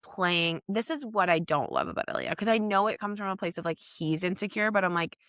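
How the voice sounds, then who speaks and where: Giggly low-voiced woman podcast host. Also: sing-song, fairly quick, a bit bright, no room sound, studio quality. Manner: giggly, jokey, quotes characters in put-on voices. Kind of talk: casual recap chat.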